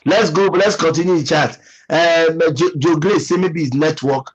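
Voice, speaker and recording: A man's voice: on the high side, moderate pace, husky, poor audio. A man with a Nigerian English accent hosting a casual livestream, reading out comments and giving emphatic, repetitive advice. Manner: preachy, emphatic, repeats himself. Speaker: livestream host.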